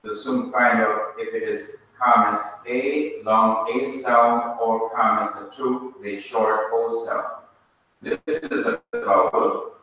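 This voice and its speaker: A man teaching a Hebrew class, explaining slowly and step by step. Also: lowish voice, fairly even intonation, pushed and bright. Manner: slow, explains step by step, spells things out. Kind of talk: classroom lesson. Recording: echoey hall, speaker far from mic.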